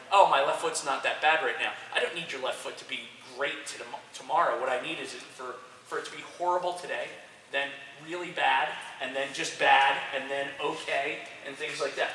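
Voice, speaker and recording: A man coaching young soccer players, giving an energetic, direct motivational talk to a group and checking in with frequent "okay"s. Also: mid-range voice, a little fast. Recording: roomy echo, distant mic, faint noise.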